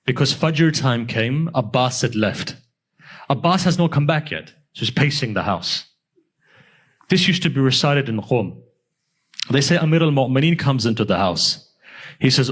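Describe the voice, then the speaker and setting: A man's voice: medium pitch, expressive, moderate pace, pauses often, a bit bright, breathy edge. A male preacher telling a mournful story in a sermon, swelling into emotional recitation.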